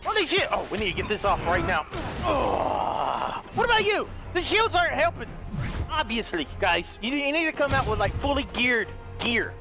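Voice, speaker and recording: A man with a strikingly high voice that leaps all over the place, yelling and joking through a let's play. He swears freely, hams up mock news-anchor lines, and has a game soundtrack playing clearly behind him. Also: moderate pace, over music. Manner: excitable, loud, swears a lot, goofy mock-announcer bits. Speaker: gaming YouTuber. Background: game soundtrack and sound effects.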